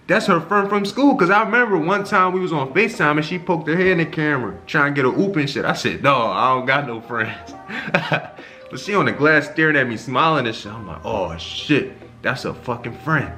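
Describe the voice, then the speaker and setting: A young man vlogging a casual storytime, animated and full of slang and swearing, his pitch leaping up whenever he acts out his own reactions. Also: normal speed, soft background music. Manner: animated, profane slang-heavy storytelling with sharp jumps in pitch on quoted reactions.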